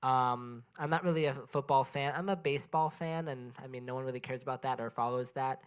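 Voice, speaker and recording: Tired dude doing standup at a little open mic, rambly, keeps cutting himself off to talk to people. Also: male voice, mid-range voice, a little fast, clean tone. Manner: rambling, self-interrupting, chatting with the crowd. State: sleep-deprived and tired. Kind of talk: stand-up comedy set. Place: small indoor open mic venue.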